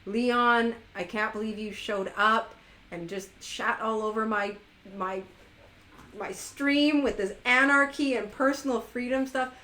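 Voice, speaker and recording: A woman's voice: fairly high pitch, measured pace, sharp tone, poor audio. A woman hosting a live stream, chatting casually in a playful, teasing way with her viewers.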